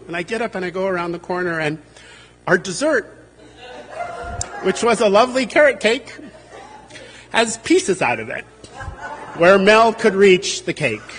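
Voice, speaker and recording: A man's voice: sits high, big-room sound. A man giving a humorous, anecdotal eulogy for a friend and colleague at a memorial service, livening his stories by acting out what people said. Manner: humorous, animated when quoting others.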